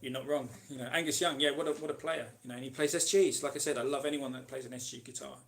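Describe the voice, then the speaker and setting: Man, British, mid-pitched voice, casual live Q&A host, rambling, lots of ums and restarts. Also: steady tone, fast. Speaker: host answering live chat questions.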